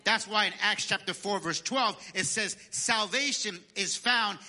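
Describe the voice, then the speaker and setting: A male pastor with a high, very bright voice preaches to his congregation. He leads call-and-response lines, and his voice lifts in pitch and force as he quotes scripture. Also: measured pace. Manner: rises louder and higher when quoting scripture. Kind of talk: sermon.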